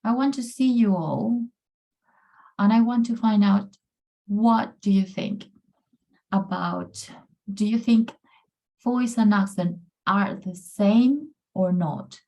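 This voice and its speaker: Her voice is medium-pitched and mellow, slow, with frequent pauses. The woman, from Peru, runs a pronunciation workshop as an online presentation via video call, staying upbeat and encouraging and often saying "amazing" and "brilliant."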